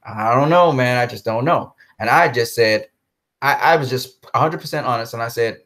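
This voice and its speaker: A commentary host delivers a blunt, profane rant about a movie in a film commentary vlog, repeating himself for emphasis. His voice is medium-pitched and fairly bright, at a normal speed.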